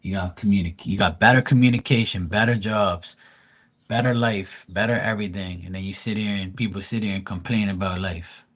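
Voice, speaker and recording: A man's voice: lowish voice, steady tone, a little fast. A man from Bermuda hosting a live tarot stream, ranting bluntly and profanely in casual chat.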